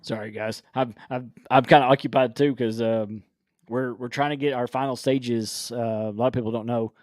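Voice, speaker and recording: Male host, mid-pitched, easygoing rambler, dry close recording. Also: fairly even intonation, normal speed, darkish tone, no room sound. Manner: rambling, restarts, frequent laughs. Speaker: podcast host. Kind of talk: casual live-stream chat.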